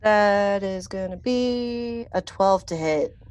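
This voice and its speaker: A woman playing a tabletop game, speaking in an unhurried, hesitant way. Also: medium pitch, darkish tone, clear, resonant tone, lo-fi sound. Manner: slow, unhurried. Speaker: player.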